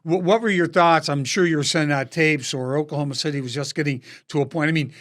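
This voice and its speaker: A man's voice: a little high, fairly even intonation, fast, fairly bright tone. A man hosting a podcast interview, joking and encouraging his guest. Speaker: podcast host. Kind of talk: casual interview chat.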